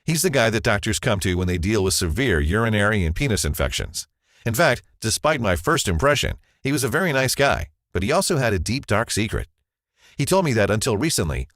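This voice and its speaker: A man's voice: fairly low pitch, fairly bright tone, dry recording, clean studio sound. A man narrating a scripted first-person advertisement as a confessional story.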